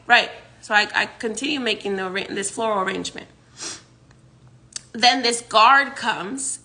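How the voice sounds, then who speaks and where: A woman's voice: a little high, sharp tone. A woman vlogger casually recounting a dream, rambling with many restarts and frequent laughs. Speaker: psychic vlogger. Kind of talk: casual storytelling.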